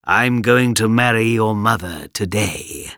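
A man voicing a scheming, greedy king in a storybook, speaking slowly and mockingly. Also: fairly low pitch, bright, forceful tone, no echo, studio quality. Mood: smug.

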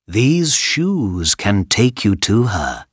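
A helpful messenger god offers gifts in a friendly, matter-of-fact way, voiced by a male reader. The delivery is unhurried with lively inflection. The sound is close and dry. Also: on the low side, husky, no room sound, heavily acted.

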